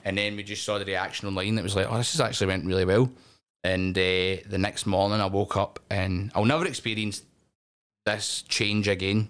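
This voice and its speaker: A man's voice: on the low side, little pitch movement, fast, fairly bright tone, clean tone. A middle-aged man with a Scottish accent, the guest on a podcast, telling stories in casual chat, swearing freely and laughing often. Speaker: wrestling promotion owner, guest.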